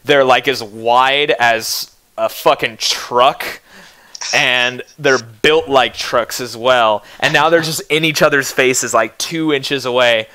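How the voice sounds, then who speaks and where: A man's voice: medium pitch, slow pace, sharp tone, clean tone. A young man narrating as game master in a tabletop game, laughing often as he narrates.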